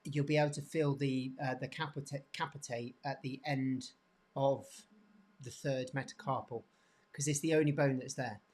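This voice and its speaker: A man teaching hand anatomy off the cuff, pointing to bones, with many restarts and frequent throat clearing. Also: mid-range voice, steady tone, a little mellow. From England. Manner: halting, repeats words, frequent throat clearing. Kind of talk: unscripted teaching demonstration.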